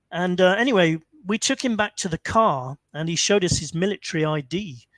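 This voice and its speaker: A man's voice: high-pitched, moderate pace, dry recording. A man hosting a call-in show, telling a long rambling story with many fillers and restarts. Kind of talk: casual storytelling.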